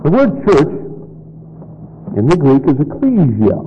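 A man preaching a sermon, stressing key words by drawing them out slowly and asking his congregation questions. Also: on the high side, huge pitch swings, warm tone, a little hiss or hum. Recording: muffled recording in a reverberant hall.

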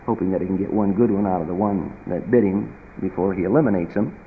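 A man preaching a sermon in an emphatic, folksy manner, swinging from loud bursts to quiet asides. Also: low voice, fast, phone-quality sound, slight background noise. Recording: reverberant hall.

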